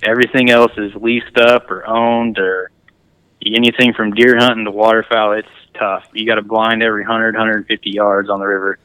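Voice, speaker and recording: A man appearing as a guest on a hunting podcast, talking in an easygoing, plain-spoken way with some halting restarts. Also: fairly low pitch, level tone, sharp tone, clean tone, no echo, poor audio. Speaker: podcast guest, duck hunter. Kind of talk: casual interview chat.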